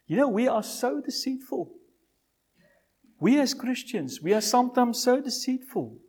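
An older man preaches slowly, taking his time over every phrase. His voice sits a little high for a man, and he pleads with his listeners, repeating lines and dropping from loud cries to hushed, almost whispered words. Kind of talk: sermon with altar call.

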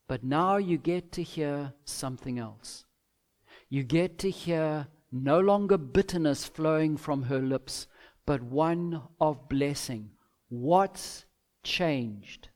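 A man preaching an expository sermon, measured, with emphatic pauses and acted-out quotes. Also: on the high side, darkish tone. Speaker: pastor.

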